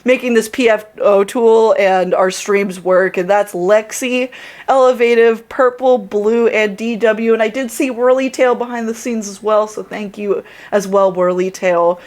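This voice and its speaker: A woman's voice: medium pitch, steady tone, measured pace, darkish tone. A woman hosting a livestream's closing remarks, thanking the team in a bubbly, effusive way. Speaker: convention staff host.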